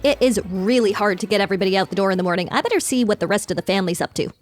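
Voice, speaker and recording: A woman's voice: medium pitch, racing, faint music behind. A young woman hosting a gaming channel, bubbly and wry as she narrates her play and reads characters' lines aloud. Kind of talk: playing and narrating a game.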